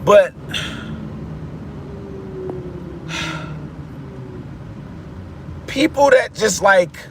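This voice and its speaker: High-voiced, animated man talking in a car. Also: unhurried, slight background noise. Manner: animated, rambling, breaks off and restarts thoughts. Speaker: vlogger. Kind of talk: casual on-camera commentary.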